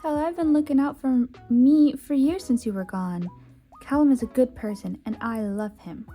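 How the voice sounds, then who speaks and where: A woman voicing a defiant young woman in love who insists on her independence in a high, insistent way. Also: a little fast, warm tone, faint music behind, close to an everyday voice.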